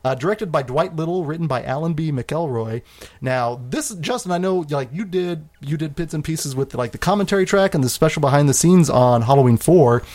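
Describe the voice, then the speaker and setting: A man's voice: fairly high pitch, lively intonation, fairly quick, a little mellow. A man hosting a casual film podcast, talking in a rambling way with lots of fillers. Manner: rambling, hesitant with many fillers. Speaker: podcast host.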